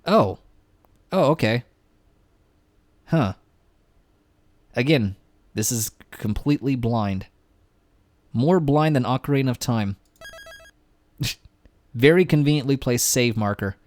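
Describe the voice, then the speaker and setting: A man's voice: mid-range voice, animated, takes it slowly, long pauses, darkish tone, no echo. A man streaming a game, giving casual, rambling commentary full of jokes and swearing. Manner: joking, profane, rambling.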